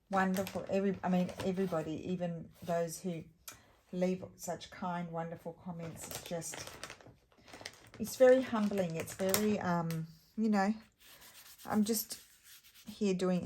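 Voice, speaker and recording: A woman talking casually as she makes a paper booklet at home, thinking aloud, trailing off and restarting her sentences. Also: fairly low pitch. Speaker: crafting vlogger. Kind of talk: casual craft tutorial chat.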